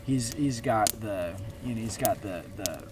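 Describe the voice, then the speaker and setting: A man's voice: on the low side, measured pace, distant mic. Rambling man telling a campfire story. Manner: rambling, lots of fillers and restarts. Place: outdoors at a campfire in a campground. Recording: outdoor campground noise.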